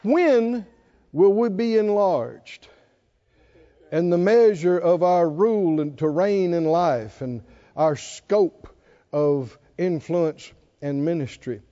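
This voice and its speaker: A man preaching a sermon, swinging between loud, animated calls and hushed asides. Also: high-pitched, slow, lo-fi sound. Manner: animated preaching, mimics whiny voices and swings from shouting to hushed.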